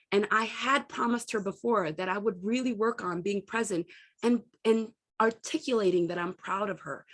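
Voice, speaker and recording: A middle-aged woman giving a candid self-help talk as a coach, telling personal stories and acting out what people said. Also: medium pitch. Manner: candid, storytelling, animated quoting.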